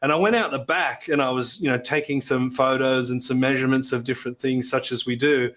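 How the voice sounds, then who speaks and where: A man, a podcast guest and depreciation expert, telling self-deprecating stories and explaining plainly in a relaxed interview. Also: medium pitch, brisk. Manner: chatty, self-deprecating storyteller. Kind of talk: conversational interview, anecdotes and explanations.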